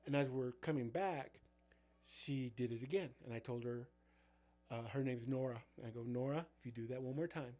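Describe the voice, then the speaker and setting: A man's voice: mid-range voice, normal speed, mellow. A middle-aged man, a youth pastor co-hosting a casual chat and telling rambling stories full of fillers and restarts.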